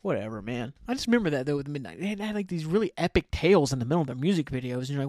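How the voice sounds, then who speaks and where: A man's voice: fairly high pitch, lively intonation, rapid-fire, hardly any pauses, darkish tone, dry recording, clean studio sound. A man hosting a casual solo podcast, rambling loosely, swearing offhand and often trailing off. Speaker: podcast host.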